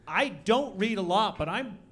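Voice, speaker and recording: A young man doing a stand-up comedy set, with deadpan delivery that breaks into loud shouted bits. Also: high-pitched, a little slow. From Colorado. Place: comedy club stage. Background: audience laughter.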